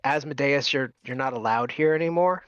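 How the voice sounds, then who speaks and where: A man's voice: mid-range voice, a little fast, a bit bright, clean tone, no echo, lo-fi sound, lightly acted. A man voicing a small male gnome mystic who talks in an offhand, matter-of-fact way. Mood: defiant.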